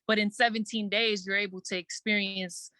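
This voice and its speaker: A woman guest in a casual interview, telling her story earnestly and quickly, acting out her own thoughts and using many "like" fillers. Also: medium pitch, level tone, pushed and bright, no echo. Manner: earnest, fast storytelling with quoted self-talk and many "like" fillers. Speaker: guest entertainer.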